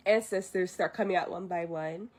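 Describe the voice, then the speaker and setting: Chatty woman streamer recapping a film from memory, breathy voice. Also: on the low side, normal speed, darkish tone. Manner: chatty, self-amused, loses her place. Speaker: vtuber streamer. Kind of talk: casual retelling of a film from memory.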